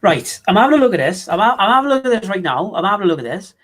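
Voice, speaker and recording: A squeaky, jittery comic character with a mock Russian accent, as a podcast co-host puts it on. The voice jumps far above his normal pitch and stretches its words slowly. He sounds mock-bewildered as he chides his listeners. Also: sing-song, a bit bright, exaggerated voice. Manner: mock-bewildered, scolding the chat.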